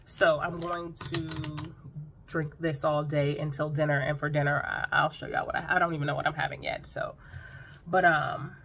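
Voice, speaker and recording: A woman talking straight to her viewers in a loose, animated vlog, with lots of quick asides. Her voice is bright and forceful. There is a faint hiss of noise behind her. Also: low voice. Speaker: vlogger. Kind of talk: casual vlog chat.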